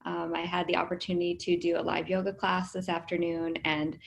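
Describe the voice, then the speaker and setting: A woman speaks in a lowish voice with a gravelly edge. She sounds calm and composed on a video call. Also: fairly quick.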